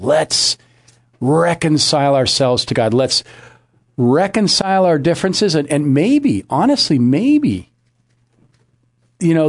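Earnest preaching pastor, dry sound. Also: male voice, mid-range voice, a little mellow, dry recording. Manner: earnest, repeats key phrases. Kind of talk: devotional preaching.

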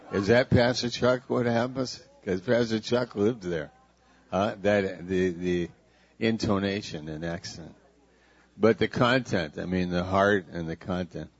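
A man, a pastor leading a sermon, who slowly and playfully coaxes the congregation to repeat words after him. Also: fairly low pitch, slightly rough. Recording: dull lo-fi church recording.

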